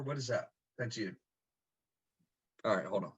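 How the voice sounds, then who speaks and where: A man's voice: on the low side, measured pace, breathy edge, highs cut off. A young man hosting a casual podcast from home, telling loose, profane stories. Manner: laid-back, profane storytelling. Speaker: podcast host. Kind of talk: casual chat.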